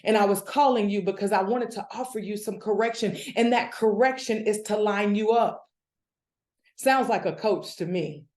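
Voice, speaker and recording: A woman giving a devotional Bible teaching, preaching with animated energy that builds in excitement. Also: medium pitch, normal speed, reverberant. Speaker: devotional speaker.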